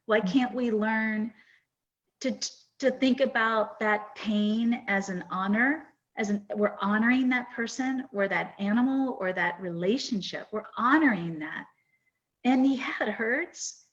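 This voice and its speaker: A woman's voice: on the high side, measured pace. A woman in her fifties hosting a podcast, telling a personal story in an earnest, reflective and emotional way. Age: 50s. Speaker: podcast host. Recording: dull lo-fi sound.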